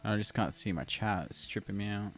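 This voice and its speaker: His voice is fairly low, a little fast and slightly bright as this young Australian man chats on his live stream. He rambles, laughs often and says hello to viewers by name over faint music.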